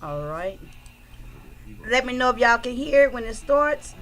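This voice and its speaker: This is a woman hosting a livestream. She chats casually and greets her viewers by name. Her voice sits a little high, and her delivery is animated. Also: measured pace. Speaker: livestream host commenting on trial footage.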